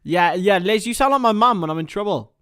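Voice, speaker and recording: A man doing chatty live football commentary for a watchalong stream, excitable and talking to his viewers. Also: high-pitched, fairly quick, clear, resonant tone, dry recording, clean studio sound.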